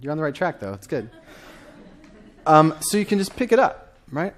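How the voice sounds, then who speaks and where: Lively man quizzing a conference audience. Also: on the high side, moderate pace. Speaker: conference speaker. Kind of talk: conference talk. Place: conference stage before an audience.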